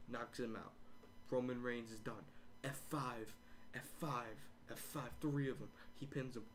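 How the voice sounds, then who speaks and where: A man's voice: medium pitch, unhurried, soft background music. A young man casually joking, acting out wrestling matches and chanting, recorded in his bedroom. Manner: excitable, swearing, acts out wrestling with loud chanting. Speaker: host.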